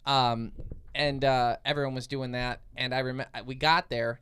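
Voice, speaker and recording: A man hosting a podcast, telling an animated story in casual chat, laughing often and saying 'like' a lot. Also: medium pitch, normal speed, clear, resonant tone. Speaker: podcast host.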